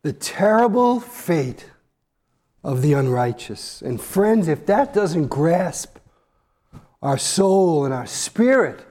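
A man's voice: on the high side, very animated, slow pace, a little mellow. A male pastor preaching a sermon in an earnest, emphatic way, repeating key phrases.

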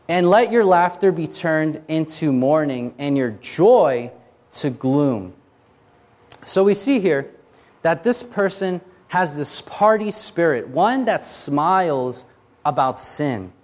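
A man delivering an expository sermon in a fairly high voice. He preaches emphatically, pressing each point and rising to fervent declarations. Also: darkish tone.

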